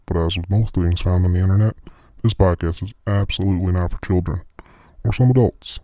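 A man putting on a deep, dark announcer voice. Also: brisk, no room sound, natural voice. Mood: ominous. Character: deep-voiced male announcer giving a warning. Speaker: podcast co-host.

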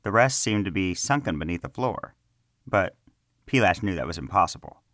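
Deep-voiced man narrating a fantasy tale. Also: lively intonation, moderate pace, fairly bright tone, dry recording, clean studio sound. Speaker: storyteller.

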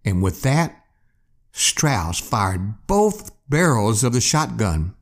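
A male podcast host telling a scary campfire story. He speaks slowly and draws out each line for effect. His pitch swoops widely as he builds suspense. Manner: slow, expressive storytelling. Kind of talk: storytelling narration.

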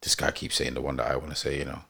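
A man's voice: rumbling low, flat delivery, racing, creaky, crowd noise. A young man in casual banter among friends, teasing and stubborn.

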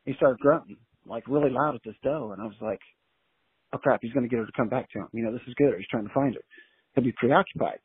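Husky man on a tinny phone line. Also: medium pitch, fast, no room sound. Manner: colloquial, animated anecdote telling. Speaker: interview guest. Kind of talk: casual storytelling.

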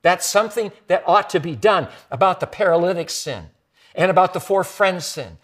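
Male pastor, sermon delivery; high, lively voice that sinks to near-whispers for emphasis. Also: moderate pace. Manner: expressive preaching with dramatic soft drops.

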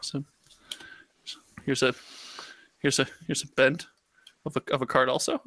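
A man's voice: medium pitch, fairly even intonation, moderate pace, pushed and bright, a little hiss or hum. A man co-hosting a podcast in casual chat, dropping wry, reasoned interjections. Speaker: podcast co-host.

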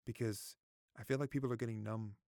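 A man's voice: on the low side, fairly even intonation, brisk, gravelly, darkish tone, no room sound, studio quality. A man in his thirties giving his opinions in a casual vlog, repeating himself, swearing freely and fighting back tears. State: close to tears. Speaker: vlogger. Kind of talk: casual opinion talk to camera.

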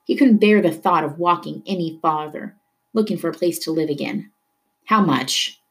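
A woman reading a novel aloud with steady storytelling narration. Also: sits low, fairly quick. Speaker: reader.

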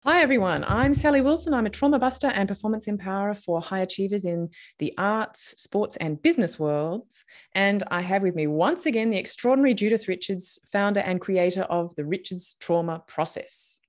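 A woman's voice: medium pitch, brisk. A woman hosting an interview show, upbeat and affirming as she guides the talk. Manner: upbeat, affirming, with frequent brief agreements. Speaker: podcast host and trauma coach. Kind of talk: friendly interview chat.

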